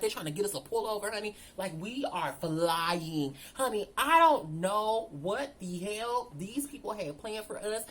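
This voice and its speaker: A woman telling a storytime vlog, animated and profane, talking straight to her viewers. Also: mid-range voice. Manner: animated, profane, addresses viewers as girl and y'all. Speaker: storyteller vlogger.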